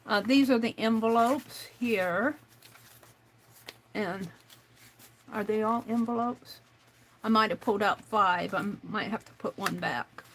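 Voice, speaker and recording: A woman's voice: mid-range voice, slow pace, long pauses, a bit bright, a little hiss or hum, rough recording. A woman hosting a crafting livestream in casual chat, thinking aloud and reading out chat messages as she works.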